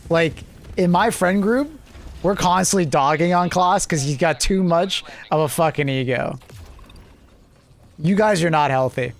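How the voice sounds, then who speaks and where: A man's voice: fairly high pitch, unhurried. A male livestreamer chatting casually with his viewers, laughing and swearing often as he banters. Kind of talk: casual chat with stream viewers.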